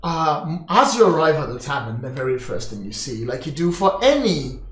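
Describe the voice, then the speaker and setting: A man narrating a tabletop game as game master, telling the scene with lively, animated descriptions. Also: on the high side, normal speed. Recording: roomy echo.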